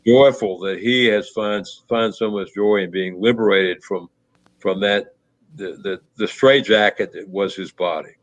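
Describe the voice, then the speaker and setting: A man telling a personal story in a reflective, conversational way, pausing often with fillers and restarts. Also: steady tone. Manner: halting, many restarts and fillers. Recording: muffled low-fidelity audio.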